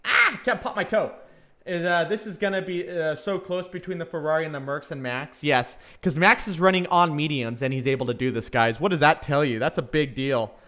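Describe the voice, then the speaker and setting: A man's voice: a little high, fairly quick, few pauses, a bit bright. A young man from Southern California giving casual live race commentary, chatty and fan-like, reading viewer comments with many fillers.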